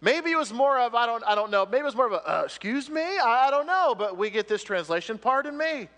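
A man preaching a sermon as pastor, swinging between loud emphatic lines and hushed ones. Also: extremely high pitch, big pitch swings, quick pace. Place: church sanctuary. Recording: long reverb of a church hall.

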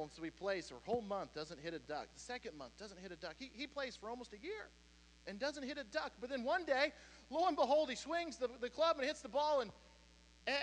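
Male pastor, sermon, casual storytelling, high bright voice, long hall reverb. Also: expressive, brisk, a little hiss or hum. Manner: casual storytelling with frequent restarts and chuckles.

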